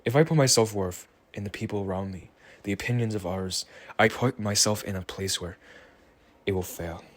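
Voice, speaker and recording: A tired man talking slowly in a rambling, reflective solo monologue. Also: on the low side. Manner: slow, rambling, musing. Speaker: vlogger.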